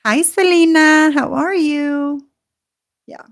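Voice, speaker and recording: Woman streamer, indignant commentator, slightly high voice, reads chat aloud. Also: fairly even intonation, slow. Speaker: livestream host. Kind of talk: commentary livestream reacting to clips.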